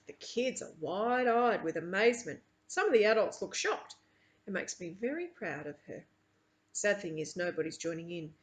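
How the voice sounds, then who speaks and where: A woman's voice: mid-range voice, expressive, normal speed. A woman teacher reading a novel aloud to her students, with chatty asides between passages.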